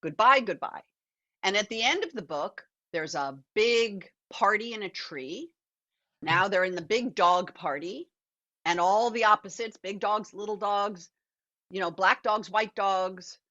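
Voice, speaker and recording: An older woman, a guest actor and author, telling animated, reflective stories in a conversational interview over a video call. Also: mid-range voice, a little slow, highs cut off.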